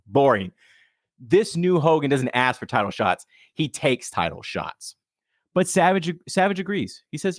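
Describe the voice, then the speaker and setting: A man hosting a podcast in casual chat, joking and throwing in quick asides. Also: fairly high pitch, big pitch swings, no room sound, clean studio sound. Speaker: podcast host.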